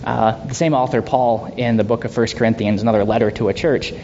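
A man leading a Bible study in a conversational way, asking rhetorical questions and laughing softly now and then. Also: steady tone, fairly quick. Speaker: Bible teacher. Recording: dull lo-fi sound with faint rumble.

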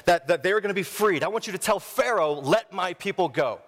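A man's voice: sits high, lively intonation, a little fast, fairly bright tone, pitched above the performer's own voice. A man voicing a commanding divine figure who insists firmly on his choice. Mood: insistent. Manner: firm, insistent. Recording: long hall reverb.

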